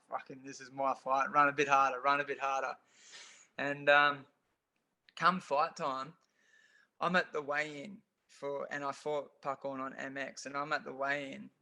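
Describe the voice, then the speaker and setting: Gravelly, bright-voiced Australian man. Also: medium pitch. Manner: animated storytelling with frequent fillers. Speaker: guest, Muay Thai fighter. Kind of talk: casual podcast interview.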